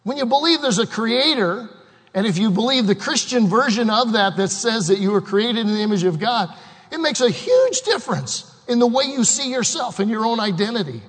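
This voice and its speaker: A man preaching a sermon with passion, rising to loud bursts and dropping to slow, quiet scripture reading. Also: very high-pitched, sing-song. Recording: long hall reverb.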